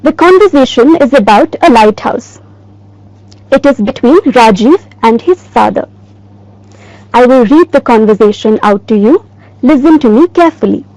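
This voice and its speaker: A woman teacher giving a recorded lesson in a slow, clear, emphatic way. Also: fairly high pitch, lively intonation, mellow, no echo, low-quality recording.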